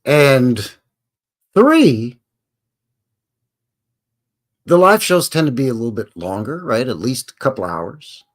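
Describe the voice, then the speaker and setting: Folksy middle-aged man, lively voice. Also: mid-range voice, slow, pauses often. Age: 50s. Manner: folksy, rambling, chatty. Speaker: live stream host. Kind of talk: casual live stream chat. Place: home.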